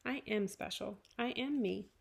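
Woman doing an earnest storybook bear, gravelly, husky. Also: medium pitch, measured pace. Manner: sung and spoken storybook voice, earnest. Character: big hairy hopeful male bear cub-grown delivery bear.

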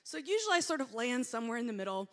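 A woman's voice: a little high, sing-song, racing, fairly bright tone. A woman in her thirties preaching a sermon in a church, reading scripture and telling candid, self-deprecating stories about herself. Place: church sanctuary. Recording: long reverb of a large church hall.

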